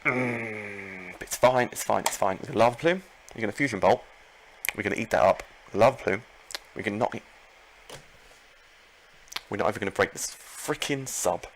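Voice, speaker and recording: A man commenting live on his own Pokémon battle, excitable, talking to himself and his opponent and repeating phrases. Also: lowish voice, moderate pace, pauses often, a little hiss or hum, poor audio. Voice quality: gravelly.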